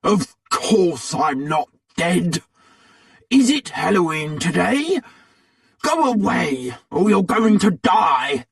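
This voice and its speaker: A narrator voicing a grumpy old man who gruffly threatens children. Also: medium pitch, very animated, takes it slowly, no room sound, clean studio sound, exaggerated voice. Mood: angry.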